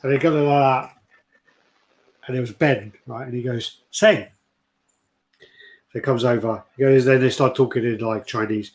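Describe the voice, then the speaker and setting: This co-host's mid-range voice is darkish, fairly even in intonation, and moderately paced. Chatting casually, he relates a story full of swearing and performs the voices of the people he quotes.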